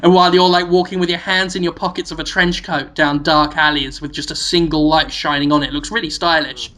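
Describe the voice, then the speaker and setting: A man co-hosting a podcast tells silly, playful stories in casual chat, giggling and laughing a lot. His voice is on the high side, fairly even in intonation, a little fast and a bit bright.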